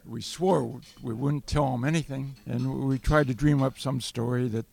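A man's voice: mid-range voice, steady tone, normal speed, gravelly, darkish tone. An older man from California telling a wartime Navy anecdote, chuckling and restarting as he rambles. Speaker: World War Two Navy veteran guest. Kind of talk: storytelling interview.

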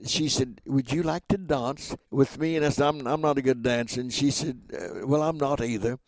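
A man's voice: mid-range voice, moderate pace, no room sound. Older male entertainer as interview guest, spins anecdotes and voices the quotes, dry close sound. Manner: animated storyteller who acts out quoted dialogue.

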